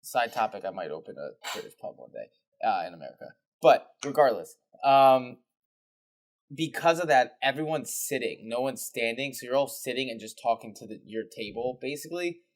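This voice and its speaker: Relaxed man recounting a trip. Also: mid-range voice, moderate pace. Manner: relaxed storyteller with many fillers. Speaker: podcast co-host. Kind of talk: casual chat.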